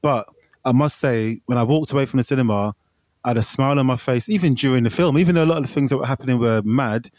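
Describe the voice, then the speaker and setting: A man co-hosting a film podcast, enthusiastic and quick, often repeating himself. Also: medium pitch, darkish tone, no echo, studio quality. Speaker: podcast co-host. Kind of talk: casual chat.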